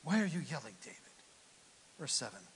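Animated, jokey male preacher. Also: mid-range voice, a little fast, breathy edge, in a large hall. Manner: animated, jokey, with shouted emphasis. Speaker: pastor. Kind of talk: sermon.

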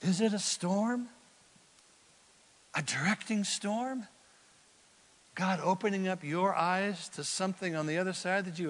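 A man preaching with a high, bright, ringing voice. He swings from loud cries to hushed near-whispers as he makes his points. His words echo with the long reverb of a large hall. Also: measured pace, long pauses. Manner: dramatic, swings from loud bursts to hushed asides. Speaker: pastor. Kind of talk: sermon.

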